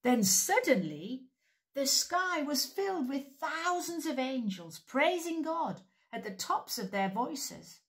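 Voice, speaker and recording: A woman tells a story to a group of preschoolers, her voice rising and falling in big, lively swoops. She speaks slowly and clearly, sing-song and animated, pausing to invite the little ones to join in. The tone is a plain middle pitch, unhurried throughout. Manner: animated, sing-song, with loud call-and-response cues. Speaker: preschool worship leader. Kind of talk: interactive storytelling for young children.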